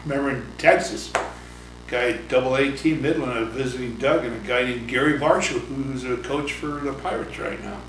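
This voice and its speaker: An older man and former ballplayer tells rambling stories in a casual interview, chuckling often and putting on other people's voices. He is heard from some distance in an echoey room, with clear background noise. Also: mid-range voice, normal speed. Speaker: retired baseball pitcher and coach. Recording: roomy, distant mic, noisy ambience.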